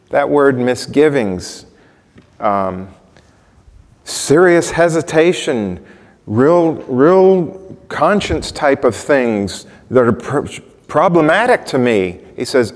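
A man preaching a sermon in a relaxed, conversational way, often putting questions to the congregation. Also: medium pitch, slow pace. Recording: long reverb of a large hall.

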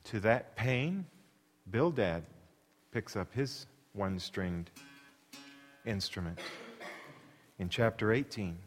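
Expressive preacher in an echoing hall. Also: male voice, fairly low pitch, slow, pauses often. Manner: expressive, shifts into dramatic readings. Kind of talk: sermon.

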